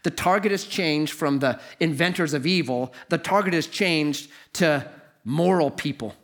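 A middle-aged man preaching a sermon, telling stories with lively swings from high to low. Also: unhurried. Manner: animated storytelling, swoops from high to low. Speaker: pastor.

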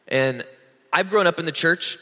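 A man preaching a sermon with a bright, forceful tone set a little high. He talks conversationally, slowing and rising to drive points home. His voice rings out with a long hall reverb around it. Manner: conversational preaching, slows and rises for emphasis. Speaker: pastor.

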